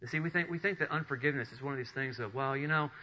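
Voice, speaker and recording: A man preaching a sermon, retelling Bible stories with animated storytelling and acted-out voices. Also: mid-range voice, very fast. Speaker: pastor. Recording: dull lo-fi sound.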